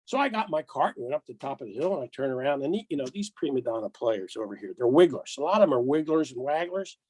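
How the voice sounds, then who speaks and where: An older American man, a golf rules official and podcast guest, telling lively anecdotes and acting out the dialogue with chuckles. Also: mid-range voice, fast, husky, no echo, low-quality recording. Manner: animated storyteller, acts out dialogue, chuckles.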